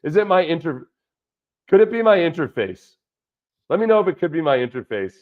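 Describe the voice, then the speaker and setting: A man's voice: fairly high pitch, big pitch swings, brisk. Rambling man on a lo-fi livestream. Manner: rambling, reacts to viewer chat. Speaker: livestream host, former football player. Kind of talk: casual livestream chat. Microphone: studio dynamic mic through a budget audio interface. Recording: dull lo-fi stream audio with dropouts.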